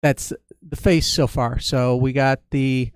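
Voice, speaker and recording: Man with a smooth, dry voice teaching. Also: medium pitch, steady tone, takes it slowly, no room sound. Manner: chatty, talks through each step as he draws. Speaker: balloon artist teaching a live stream. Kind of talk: casual live-stream tutorial.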